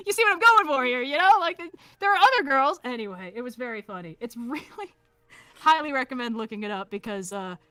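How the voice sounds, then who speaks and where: A woman's voice: sits high, big pitch swings, fairly quick, pushed and bright, dry recording, clean studio sound. A woman co-hosting a livestream, chatting casually and sarcastically with frequent laughter and fillers. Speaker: co-host of a streamed gameplay talk.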